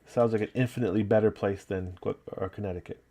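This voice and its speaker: Low-voiced upstate New York man, relaxed. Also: quick pace. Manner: relaxed, rambling, talking while working and reading chat. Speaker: livestream host painting miniatures. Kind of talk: casual livestream chat.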